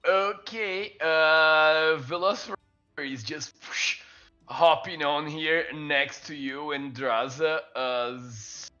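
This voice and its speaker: A man's voice: a little high, slow pace, sharp tone, muffled recording, faint music behind. A man narrating as dungeon master in a casual tabletop game, laughing often and stumbling over his words. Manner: laughs often, fillers and restarts.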